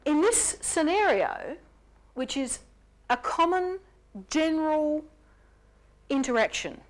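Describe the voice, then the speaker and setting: A woman giving an explanatory lecture, speaking in an animated way with sudden jumps in pitch on key words. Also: slow. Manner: acts out quoted lines in character.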